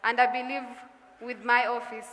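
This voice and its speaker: A woman's voice: fairly high pitch, little pitch movement, normal speed, bright, forceful tone, in a large hall. A Kenyan woman, a local administrator, speaking at a public meeting and mixing in Swahili phrases. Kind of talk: official address.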